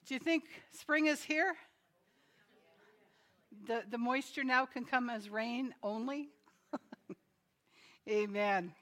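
A woman's voice: on the high side, slow, pauses often, a bit bright. A woman preaching a sermon in a chatty manner, laughing between her remarks. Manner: chatty, laughs often, tells jokes. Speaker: pastor.

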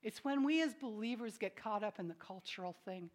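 Speaking in an animated, mid-range voice at a slightly fast clip, a woman preaches a sermon and keeps questioning her congregation directly. She swings between firm, emphatic declarations and soft, quiet, self-deprecating asides.

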